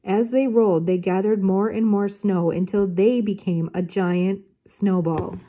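An older woman reads a children's storybook aloud, clear and even. Her voice is mellow and soft-edged, with a gentle, unhurried delivery. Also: medium pitch. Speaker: storybook reader. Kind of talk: reading a children's book aloud.

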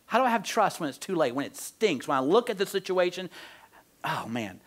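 A male pastor with a slightly high voice preaches in an earnest, conversational way. He drops into hushed, slowed phrases for emphasis, then lifts into animated bursts. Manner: earnest and conversational, swinging between soft, slow emphasis and animated outbursts. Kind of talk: sermon. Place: church sanctuary.

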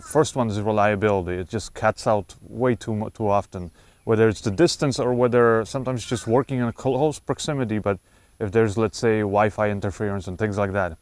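A man's voice: lowish voice, fairly even intonation, fairly quick, a little mellow, dry recording. A man casually reviewing a wireless microphone, explaining settings with frequent fillers and restarts, recorded on a clip-on lavalier mic. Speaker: gear reviewer. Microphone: wireless lavalier clipped to shirt.

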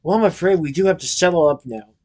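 Guy doing a sneaky greedy landlady lady, low and wheedling, storybook read-aloud. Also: quick pace, a little mellow, close to an everyday voice. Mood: greedy, sly. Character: greedy scheming landlady, older woman.

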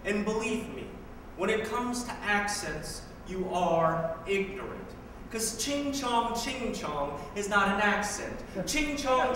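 A man performing spoken word poetry in a wry, pointed way, with sarcastic asides, recorded live in an echoey hall from far off. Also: high-pitched. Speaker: poet. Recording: echoey hall, mic far off, faint noise.

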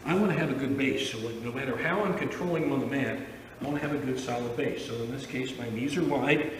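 A man's voice: medium pitch, fast talker, far from the mic, slight background noise. Man teaching judo in an echoey hall. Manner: informal, repeats himself, frequent okay checks. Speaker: judo instructor. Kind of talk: instructional demonstration and commentary.

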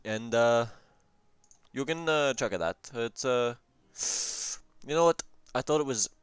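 A man's voice: medium pitch, animated, slow, clear, resonant tone, dry recording. A young man casually reviewing a strategy game session, rambling with profane jokes and asides. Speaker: gaming commentator.

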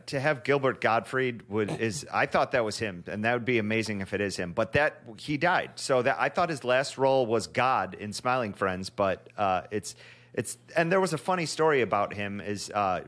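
A man with a mid-range, fairly bright voice and lively intonation co-hosts a cartoon podcast at a moderate pace. The chat is casual, and he rambles, laughs through his stories and swears freely.

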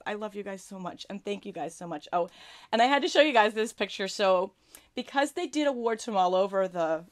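A woman's voice: mid-range voice, animated, a little fast. A woman hosting a live video about card-making supplies, chatting casually with viewers in a bubbly, gushing way.

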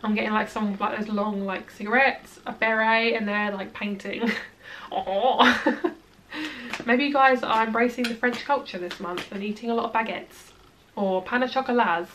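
A woman's voice: medium pitch, fairly even intonation, brisk, a bit bright, slight background noise. A young woman giving a casual tarot reading to her viewers, chatty and reassuring, with plenty of "like" and "um" fillers. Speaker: tarot reader.

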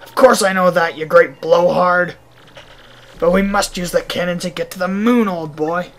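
A woman's voice: lowish voice, fairly even intonation, normal speed, natural voice. A woman voicing a blustering, stuffy old male bomb sailor who talks in a huffy, formal way. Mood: indignant.

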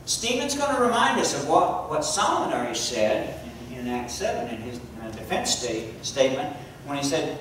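A man preaching a sermon to a congregation, often pausing to ask the listeners questions and repeating key words. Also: fairly high pitch, lively intonation, slight background noise. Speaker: preacher and teacher. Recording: echoey hall from far off.

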